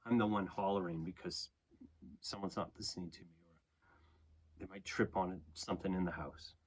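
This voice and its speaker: Animated man giving a chatty tarot reading. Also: fairly low pitch, a little hiss or hum. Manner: conversational, animated, frequent "okay?" and "right?" check-ins; laughs often at himself. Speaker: tarot reader and astrologer. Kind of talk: casual spoken tarot reading.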